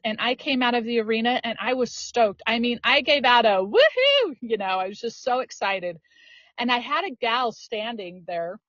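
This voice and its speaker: Earnest female storyteller, casual and lively, dry muffled recording. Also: on the high side, dry recording. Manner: earnest, lively storyteller with frequent "you know". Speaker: podcast guest. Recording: dull lo-fi dry audio.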